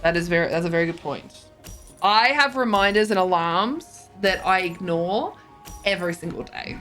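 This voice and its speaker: A tired woman chats to her stream while she plays a card game, joking at her own expense and tripping over her words. Her voice sits a little low but swings up and down a lot. Soft music plays behind her. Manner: chatty, self-mocking, yawning, trips over words. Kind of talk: casual live-stream chat while gaming.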